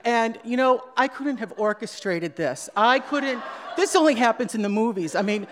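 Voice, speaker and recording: A middle-aged woman telling a personal story to a live audience, animated and acting out the people she quotes. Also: fairly high pitch, normal speed, a little hiss or hum. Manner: animated, acts out quoted voices. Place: small hall with a live audience. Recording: long hall reverb.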